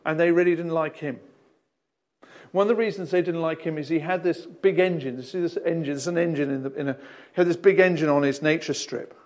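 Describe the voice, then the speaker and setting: A man's voice: fairly high pitch, brisk, a little mellow. A male pastor with an Australian accent, telling a rambling anecdote in a sermon with lots of restarts and chuckles. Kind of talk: storytelling sermon.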